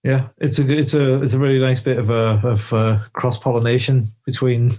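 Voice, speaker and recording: A man's voice: medium pitch, level tone, a little fast, a little mellow. Laughing man reviewing a film. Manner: jokey, laughs often, mimics film lines. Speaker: podcast co-host. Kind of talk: casual film review chat.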